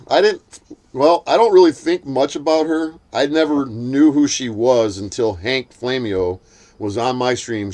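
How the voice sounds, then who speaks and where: A man in a casual chat, telling a heated story full of swearing and acting out what others said. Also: a little mellow. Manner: acts out quotes in a shrill voice.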